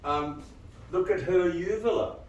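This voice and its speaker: Male dental lecturer, lively questioner, slightly high voice, distant mic with faint room hum. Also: unhurried, reverberant, dull audio. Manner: animated, quizzing the audience, frequent "right?". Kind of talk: live lecture to dentists.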